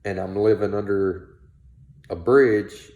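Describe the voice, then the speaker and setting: A man's voice: lowish voice, slow pace, mellow, reverberant. A man telling his own life story bluntly, with plenty of profanity. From South Carolina, US. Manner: candid, blunt, laced with profanity. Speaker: storyteller, show host. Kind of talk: personal storytelling.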